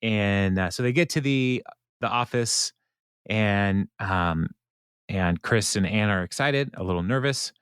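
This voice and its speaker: A man's voice: fairly low pitch, a little slow, a bit bright, smooth, no room sound, studio quality. A man co-hosting a podcast, casually recapping a TV episode with lots of fillers and frequent laughter. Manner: rambling, filler-heavy, laughs often. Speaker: podcast co-host.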